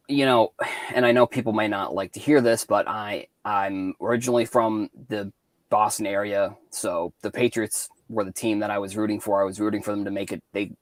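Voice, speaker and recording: A man from Cape Cod chatting casually as a guest on a call-in show, halting with many restarts and likes. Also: lowish voice, no room sound. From Cape Cod, Massachusetts.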